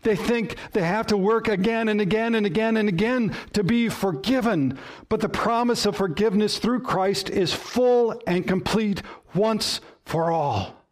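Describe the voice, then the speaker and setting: Slow-preaching male pastor. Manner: slow, earnest preaching that drops soft and low at the close. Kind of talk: sermon.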